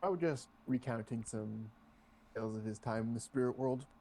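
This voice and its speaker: A man playing a character in a tabletop game, talking in a relaxed, halting way. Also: medium pitch, slight background noise. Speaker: player.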